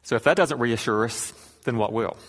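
A man's voice: mid-range voice, moderate pace, a bit bright. Man preaching in a reverberant hall. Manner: conversational, wry, reads scripture aloud. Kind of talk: sermon.

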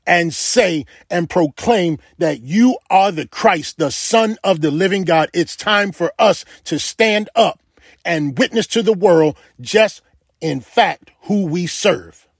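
Male preacher, somewhat high voice, dry close sound, emphatic repetitive sermon cadence. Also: animated, takes it slowly, no room sound.

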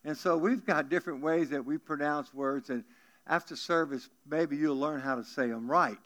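This guest pastor, a seventy-something man with a South Louisiana accent, gives a folksy, storytelling sermon full of jokes for his congregation. His voice is a little high and a bit bright, and he keeps a moderate pace.

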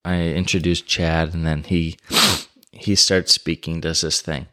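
A man hosting a podcast, telling a personal story in a relaxed, rambling way with plenty of fillers. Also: low voice, a little slow. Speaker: podcast host. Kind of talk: casual storytelling.

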